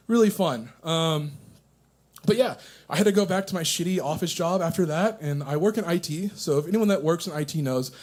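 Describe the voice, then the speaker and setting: A man's voice: high-pitched, darkish tone. A nervous young man doing a stand-up set at a coffee shop open mic, profane and self-mocking, chuckling at his own jokes. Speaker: stand-up comedian.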